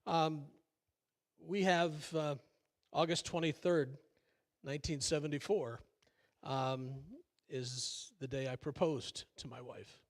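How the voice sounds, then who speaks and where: A man's voice: fairly high pitch, fairly even intonation, takes it slowly. An older man preaching a sermon as pastor, folksy and conversational, with many fillers and self-deprecating asides. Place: church sanctuary.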